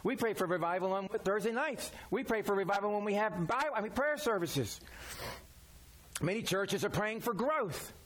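A man's voice: sits high, animated, normal speed, fairly bright tone. A man preaching a sermon in a folksy, conversational way, using everyday examples. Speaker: pastor.

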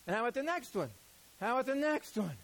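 A man doing a high, exasperated prophet. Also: big pitch swings, fast, fairly bright tone, full character voice. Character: excited, pleading male prophet.

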